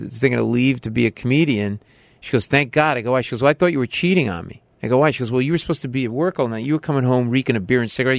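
A man who is a comedian, telling a story in a casual podcast interview and acting out other people with sudden high shouts. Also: dry recording.

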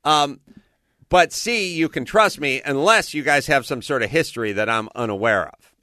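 A man's voice: mid-range voice, normal speed, no room sound, clean studio sound. A man co-hosting a radio talk show, telling stories bluntly and profanely in casual comedic chat. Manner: blunt, profane, animated storyteller. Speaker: radio co-host.

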